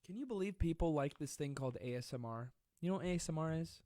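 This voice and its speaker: A man's voice: on the high side, animated, fast talker, warm tone, slight background noise. A man hosting a casual comedic live stream from home, joking and self-mocking as he rambles between stories and reading comments. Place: at home during quarantine. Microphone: close desk mic.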